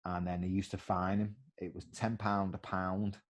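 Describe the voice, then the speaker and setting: A middle-aged man, a former footballer telling animated stories in a casual interview and acting out the voices of others. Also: low voice, normal speed.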